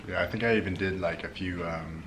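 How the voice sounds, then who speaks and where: A man's voice: low-pitched, steady tone, a little fast, reverberant, background noise. A young man chatting casually on a family vlog, hesitant with many fillers. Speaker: vlogger's husband. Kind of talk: casual chat.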